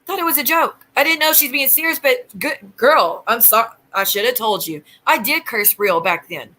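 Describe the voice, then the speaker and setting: Bright-voiced woman ranting on stream. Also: fairly high pitch, animated, normal speed, rough recording. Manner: aggrieved, rambling storytelling with quoted exchanges. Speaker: YouTube livestream host. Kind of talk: casual ranting livestream talk.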